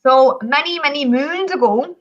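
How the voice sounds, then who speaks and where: A woman with a Northern Irish accent, telling folk tales and talking travel as a radio show guest, lively and chatty. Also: sits high, normal speed, muffled recording. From Northern Ireland. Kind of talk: radio talk show storytelling and pitch.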